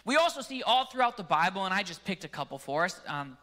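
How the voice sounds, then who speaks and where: Bright-voiced Canadian pastor preaching. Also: male voice, high-pitched, big pitch swings, fast. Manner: casual, joking asides. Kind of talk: sermon.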